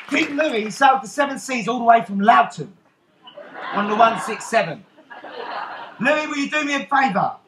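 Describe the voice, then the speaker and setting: Man playing a showy rum-loving pirate captain for a kids' stage show, very high and bright, roomy theatre hall. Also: slight background noise, heavily acted. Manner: theatrical, teasing, calls out to the crowd. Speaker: stage actor. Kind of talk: live children's stage show with audience banter.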